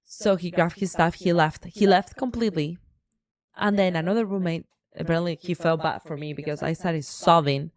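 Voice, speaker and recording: In a dry recording, a woman with a lowish voice talks at normal speed as co-host of a casual podcast. She spins an energetic, animated story, playing out the characters' lines.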